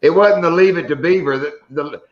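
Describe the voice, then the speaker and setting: A man's voice: on the high side, brisk, crowd noise. Man telling jokey stories, echoey lo-fi audio. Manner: joking storyteller. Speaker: host. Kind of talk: casual live-stream chat.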